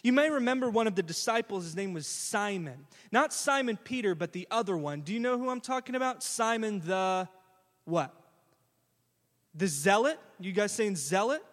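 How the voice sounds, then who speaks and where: Delivering his sermon like a story told in conversation, this pastor keeps turning questions toward the congregation. His high, slightly bright voice has lively intonation at a moderate pace, and long hall reverb surrounds it.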